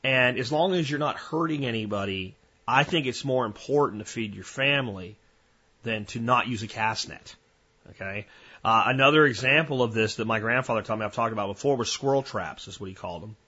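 A man's voice: mid-range voice, fairly quick, pushed and bright, slightly rough, dull audio. A man hosting a podcast, talking casually in a folksy, rambling storytelling way. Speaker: podcast host.

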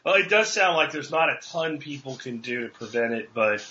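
A man's voice: medium pitch, animated, moderate pace, sharp tone, dull audio. A man hosting a podcast interview, talking in a casual, blunt way. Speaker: podcast host.

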